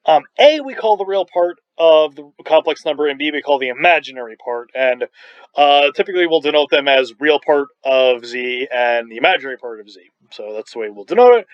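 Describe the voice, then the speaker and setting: A man from Long Island lectures on math in a recorded online class, his voice pitched fairly high for a man. He is excitable and playful and keeps drifting into joking asides, and his throat sounds a little scratchy. The recording is muffled and dry, with no room sound. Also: dry recording. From Long Island, New York. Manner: enthusiastic, joking, rambling asides. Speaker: math professor.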